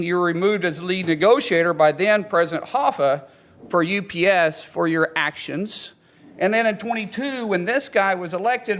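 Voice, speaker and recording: A man's voice: high-pitched, a bit bright. A man questioning a witness at a hearing, combative and reading quotes aloud. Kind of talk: hearing confrontation.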